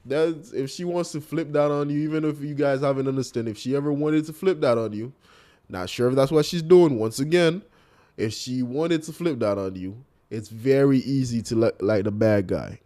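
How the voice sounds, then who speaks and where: A young man hosting a casual commentary video, talking straight to his viewers with animated disbelief. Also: medium pitch, normal speed. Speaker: commentary host.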